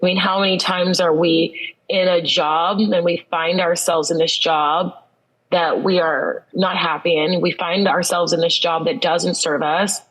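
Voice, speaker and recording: A woman's voice: on the low side, steady tone, unhurried, fairly bright tone, low-quality recording. A woman in her thirties, a guest in an interview, telling a personal story in an earnest, reflective way, often repeating phrases for emphasis.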